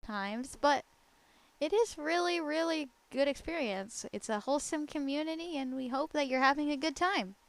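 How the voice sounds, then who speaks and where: A woman streaming a game live, talking to her chat with animated, exclamatory reactions and frequent giggles. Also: sits high, normal speed, no echo. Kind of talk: live gameplay commentary.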